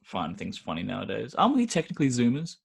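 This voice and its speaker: A man's voice: medium pitch, wildly swooping pitch, fast, gravelly, slight background noise. A young man co-hosting a podcast, chipping in short quips in casual chat. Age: young adult. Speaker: podcast co-host.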